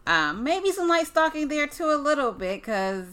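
A woman's voice: sits high, sing-song, normal speed, pushed and bright. A woman co-hosting a casual music chat, playful and laughing, often acting out song lyrics in voices. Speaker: co-host.

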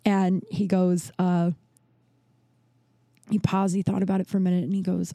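A woman tells rambling personal stories on her podcast, with casual swearing and quick impressions of the people in them. Her voice sounds dark and mellow. The close mic gives a dry sound with no room echo. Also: on the low side, level tone. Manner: chatty, swears freely, acts out quoted voices. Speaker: podcast host. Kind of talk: casual storytelling monologue.

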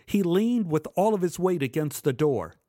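A man's voice: on the high side, expressive, moderate pace, warm tone, no room sound. Man narrating a memoir, dry close sound. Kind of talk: first-person memoir storytelling.

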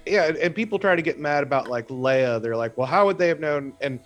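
A man's voice: a little high, lively intonation, a little fast, fairly bright tone, faint music behind. A man in casual podcast chat, building long arguments with hesitant restarts.

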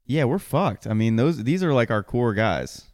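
A man's voice: medium pitch, very animated, moderate pace, darkish tone, no echo, clean studio sound. A man co-hosting a casual podcast chat, rambling and correcting himself as he talks. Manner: rambling, self-correcting, laughs often. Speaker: podcast co-host.

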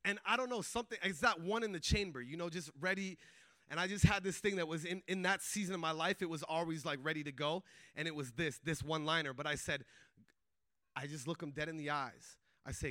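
Bright high-voiced man telling a story. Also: fairly quick, no room sound. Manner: animated, chatty, many filler words, laughs often. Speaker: speaker sharing a faith testimony. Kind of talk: casual storytelling testimony.

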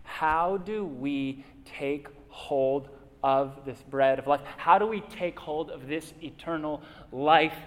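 A man's voice: on the high side, slow pace. A man preaching a sermon as a pastor, earnest, posing questions to the congregation and answering them himself. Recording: long reverb of a large hall.

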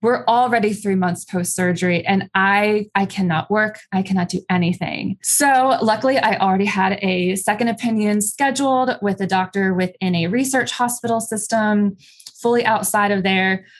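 A young adult woman candidly telling her personal story as an interview guest, halting with many fillers. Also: mid-range voice.

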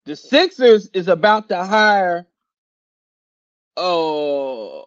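Philly podcast host, high male voice, dry and slightly dull sound, animated profane sports rant. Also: extremely slow, no echo. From Philadelphia area. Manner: animated, laughing, slangy and profane.

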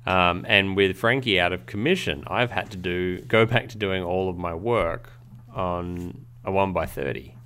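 A man co-hosting a craft podcast in relaxed, casual chat, joking dryly and laughing often. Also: low-pitched, normal speed, smooth. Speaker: podcast co-host.

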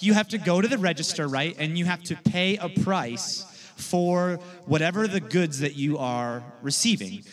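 A young man giving a casual sermon, telling a story in a chatty way and often checking in with "all right?". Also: on the high side. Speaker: youth pastor.

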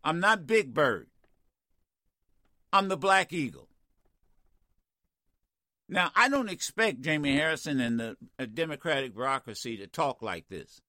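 Blunt, fiery older radio host. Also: male voice, on the high side, expressive, measured pace, long pauses, bright, forceful tone, no room sound, clean studio sound. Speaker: radio talk show host. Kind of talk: call-in radio talk. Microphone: studio microphone.

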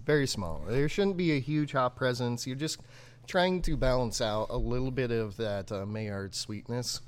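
A man's voice: mid-range voice, normal speed, clear, resonant tone. A man co-hosting a live homebrewing stream, talking casually and animatedly, laughing often.

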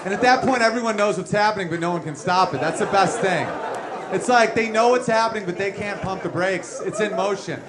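Crude high-voiced comedian with crowd noise. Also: male voice, a little fast. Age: 30s. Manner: crude, boastful storytelling, acting out characters. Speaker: stand-up comedian. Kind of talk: stand-up comedy set. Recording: noisy live room with crowd laughter.

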